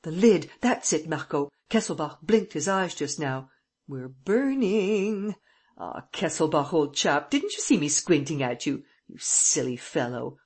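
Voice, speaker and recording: Reader doing a cocky gentleman burglar, husky. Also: mid-range voice, lively intonation. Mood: excited. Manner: brisk, mocking, commanding. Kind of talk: audiobook dialogue reading.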